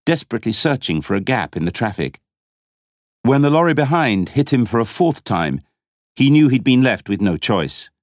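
A man reading a novel aloud as an audiobook narrator, in a dramatic, expressive style. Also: medium pitch, no room sound, clean studio sound. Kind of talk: scripted narration.

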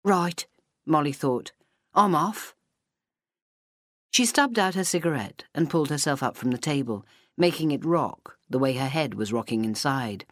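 A woman reading an audiobook novel aloud in a steady, measured way into a close mic. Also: a bass voice, no room sound. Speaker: audiobook narrator. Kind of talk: scripted narration. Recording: dry studio sound.

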